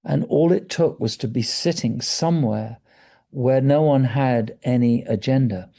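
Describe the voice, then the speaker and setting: A man in his sixties speaking as a guest about breathwork, in a gentle, meandering way that sometimes drops to a soft near-whisper. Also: mid-range voice, unhurried, gravelly. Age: 60s. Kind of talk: reflective conversational talk.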